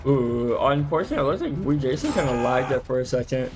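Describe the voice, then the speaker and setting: A man casting a live video game match as play-by-play commentary, chatty and quick to exclaim, often correcting himself mid-sentence. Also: mid-range voice, very animated, background noise. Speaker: esports caster.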